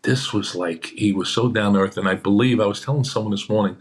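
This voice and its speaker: A man's voice: on the low side, fast talker. A man, an actor on a podcast, telling rambling anecdotes in a chatty way and acting out what others said. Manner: chatty, acts out quoted voices. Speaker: actor guest.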